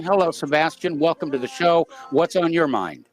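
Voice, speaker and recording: A man hosting a talk radio show, speaking in a measured way with frequent filler sounds. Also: a little high, faint music behind. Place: radio studio.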